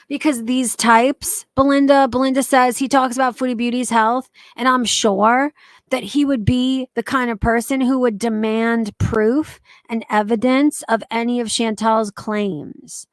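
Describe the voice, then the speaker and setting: A woman's voice: on the high side, steady tone, a little slow, dry recording. A young adult woman hosting a casual commentary stream, blunt and profane, reading out and answering viewer comments. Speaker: commentary channel host.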